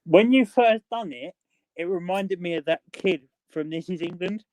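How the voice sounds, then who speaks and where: A man's voice: high voice, normal speed, a little mellow, low-quality recording. A man co-hosting a casual stream, telling stories with plenty of swearing and laughter. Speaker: stream co-host. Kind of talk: casual chat.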